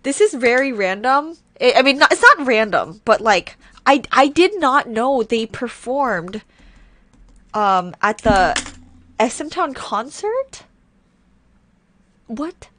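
A woman gushing through casual reaction commentary, excitable, swearing often and saying "oh my god" a lot. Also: on the high side, slow, long pauses, dry recording. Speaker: reaction video creator. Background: faint music video playing.

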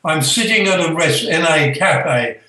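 An older man, a spiritual author, telling a personal story in an earnest, halting way with many fillers. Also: a little high, animated, bright, forceful tone. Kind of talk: storytelling, reflective. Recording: echoey room, distant from the mic.

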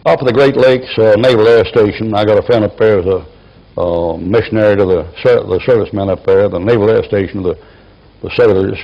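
A man's voice: on the low side, fairly even intonation, brisk, creaky, lo-fi sound. A man in his seventies preaching a folksy sermon, telling rambling stories from his life. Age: 70s. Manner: rambling anecdotal storytelling.

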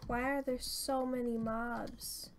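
Excitable gravelly-voiced young woman gamer. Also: fairly high pitch, slow pace. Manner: chatty, excitable, gushing with gratitude. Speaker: gaming channel host. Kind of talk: casual let's-play commentary. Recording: noisy home recording.

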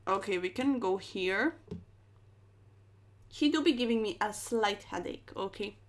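A woman's voice: medium pitch, lively intonation, unhurried. A young woman streaming chess, commentating her moves with playful slang and dramatic exclamations.

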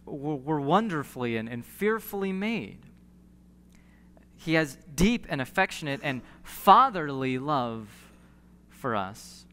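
A man delivers an earnest sermon in a bright, forceful voice that sits slightly high. He presses on key words, repeating phrases for weight. Long reverb from the church hall trails each line. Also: sing-song. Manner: earnest preaching with emphatic pauses and repeated phrases. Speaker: pastor. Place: church sanctuary.

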